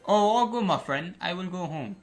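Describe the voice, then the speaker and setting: A man's voice: high-pitched, expressive, normal speed, voice pushed up. A man putting on a mock Indian accent. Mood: sheepish. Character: young man faking a pizza courier.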